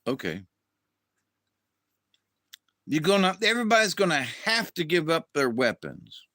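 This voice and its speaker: A man's voice: fairly high pitch, sing-song, measured pace, pauses often, bright, forceful tone, no echo. A man hosting a livestream, chatting casually and rambling with restarts and acted-out quotes, from the southern United States. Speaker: livestream host.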